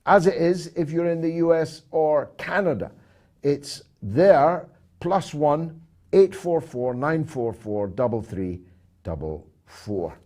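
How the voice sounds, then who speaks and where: A man hosting a talk show, reading out poll results and donations with dry, measured asides. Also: a little high, lively intonation, darkish tone.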